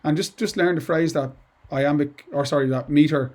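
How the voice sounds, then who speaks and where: A man's voice: a little high, moderate pace, darkish tone. A middle-aged man teaching poetry to students in a chatty, digressive way, full of asides and restarts. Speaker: English teacher. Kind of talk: informal lesson to students.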